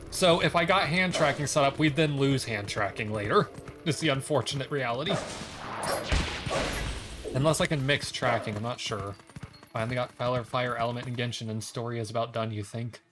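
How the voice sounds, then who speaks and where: With music playing behind him and poor audio quality, a man gives casual commentary while streaming a video game. His medium-pitched voice runs at normal speed as he rambles, filling his talk with plenty of "like."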